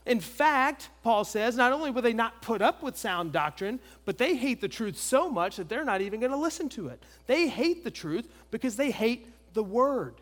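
A man's voice: very high voice, very animated, normal speed, few pauses, fairly bright tone. A man preaching an expository sermon, emphatic, asking rhetorical questions and repeating key phrases. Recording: long reverb of a large hall.

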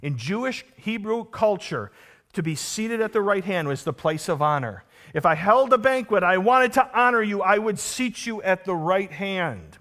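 A male pastor delivers an emphatic sermon, putting rhetorical questions to the congregation. He swings between loud declarations and hushed, low stresses.

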